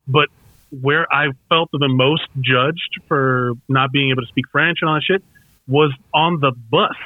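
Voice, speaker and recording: A man's voice: medium pitch, no room sound. A man chatting casually and rambling a little, swearing freely as he talks. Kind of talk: casual chat. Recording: tinny phone-like sound.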